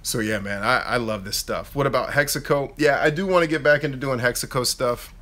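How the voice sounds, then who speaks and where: A man in his thirties hosting a casual live Q&A, chatting in an animated way and reading out viewer questions. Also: medium pitch, a little fast. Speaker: YouTube host answering live chat.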